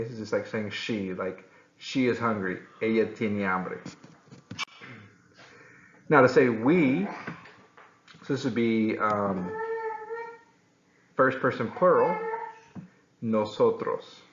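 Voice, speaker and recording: A man teaching a Spanish lesson, patient and clear, repeating words slowly for his students. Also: medium pitch, a little hiss or hum. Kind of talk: classroom-style language lesson. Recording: echoey room, slightly dull sound.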